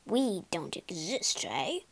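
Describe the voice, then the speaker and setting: Woman voicing a solemn, stern ghost manager from a storybook, lower and slower. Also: expressive. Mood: offended. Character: indignant ghost hotel manager, a man.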